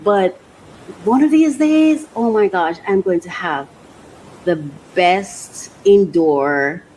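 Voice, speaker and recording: A woman hosting a faith podcast, talking casually and emotionally, laughing often and slowing down when she reads aloud. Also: fairly low pitch, slight background noise, low-quality recording. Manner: emotional and expressive, laughs often, restarts sentences; slows down when reading aloud. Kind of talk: casual reflective monologue.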